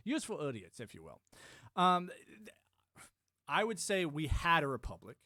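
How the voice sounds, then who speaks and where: A man's voice: on the high side, normal speed, pauses often, no room sound, clean studio sound. Rambling man ranting on a livestream. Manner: rambling, animated, frequent restarts and mock-quoted voices. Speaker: livestream host. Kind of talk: casual political commentary rant.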